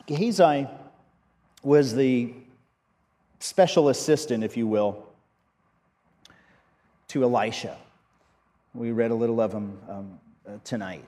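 A man preaching a sermon as pastor, earnest and halting, often restarting his sentences. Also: mid-range voice, warm tone, long reverb tail.

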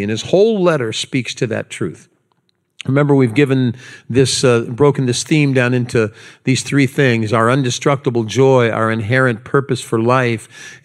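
Male pastor, easygoing sermon delivery, repeats phrases, gentle humor, mid pitch. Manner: conversational, repeats himself, light humor.

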